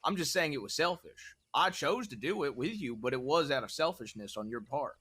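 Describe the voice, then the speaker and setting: A man talking in character during a western roleplay, argumentative and teasing. His pitch rises and falls in a lively way as he makes his case. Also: a little fast, slightly rough.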